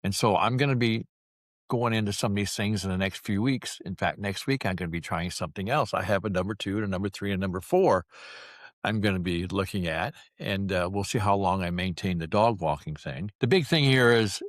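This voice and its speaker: A man's voice: deep voice, fairly quick, dry recording, studio quality. A man in his sixties telling stories to camera with wry, folksy, self-mocking humor. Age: 60s. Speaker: vlogger. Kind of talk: casual storytelling to camera.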